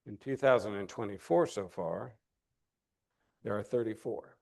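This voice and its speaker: Pastor, man, lower voice, earnest informal talk to his congregation. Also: unhurried, vocal fry, darkish tone. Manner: earnest and conversational, with asides and fillers. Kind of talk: informal address to a church class.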